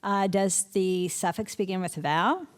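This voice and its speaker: Short questions keep coming from this middle-aged literacy instructor as she teaches spelling to a room of teachers, and she often answers them on her own. She talks at a moderate pace in a medium-pitched voice.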